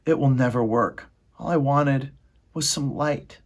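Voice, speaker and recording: A man's voice: medium pitch, unhurried, voice pushed up, lightly acted. A man voicing a miserable male rat who pleads through tears, in a storybook reading. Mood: pleading. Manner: tearful, pleading.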